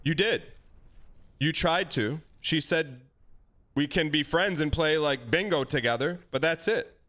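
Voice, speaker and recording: A man with a somewhat high, lively voice gives blunt dating advice, emphatic and animated, mixing in folksy comparisons. He sounds like a host in a casual stream chat. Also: unhurried.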